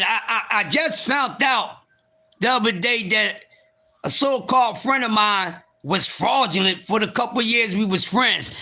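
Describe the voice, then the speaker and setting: A man hosting a live stream, speaking bluntly with plenty of profanity and swinging from calm talk to shouting. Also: sits high, a little slow. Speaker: livestream host.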